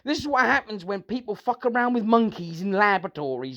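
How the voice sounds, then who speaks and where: A man's voice: high voice, lively intonation, fast, hardly any pauses, a bit bright, dull audio. A British man delivering an angry, sarcastic, profanity-filled rant to his viewers. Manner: sweary, sarcastic, heated. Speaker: vlogger.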